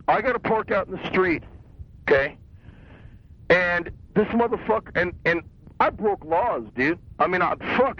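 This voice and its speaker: A young man telling an angry, profane story in a casual, rambling rant about getting even. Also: on the high side, husky. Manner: profane, hotheaded, boastful, rambling. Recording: dull lo-fi radio sound.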